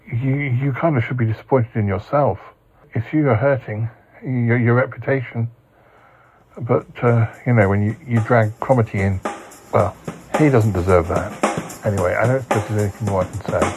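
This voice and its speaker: A man's voice: mid-range voice, normal speed, a little mellow, faint music behind. A male podcast host chatting casually and patiently scolding a character. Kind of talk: casual chat with a puppet-style character. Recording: dull lo-fi sound.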